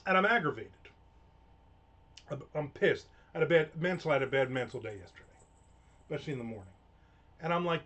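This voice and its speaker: A man's voice: on the high side, expressive, a little fast, long pauses, fairly bright tone. A man on a live stream, telling an aggravated, profane story in a casual rant. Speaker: livestream host. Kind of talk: casual ranting monologue.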